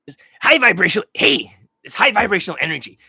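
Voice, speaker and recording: A man doing an impression of an excited male self-help guru who talks about high energy and chanting. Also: fast talker, gravelly, husky, no room sound, full character voice. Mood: hyped. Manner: loud, excited, high-pitched.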